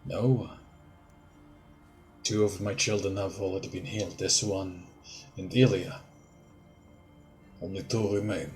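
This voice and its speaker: A man voicing a weary, guarded middle-aged father who speaks with quiet, stiff formality. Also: low-pitched, steady tone, a little slow, pauses often, faint music behind, pitched below the performer's own voice.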